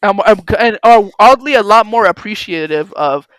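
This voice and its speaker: A young male podcast host with a high, smooth voice rambles through encouraging questions, thick with fillers. He is recorded close and dry, with no room sound. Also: expressive, moderate pace, fairly bright tone, no echo, low-quality recording. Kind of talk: casual chat.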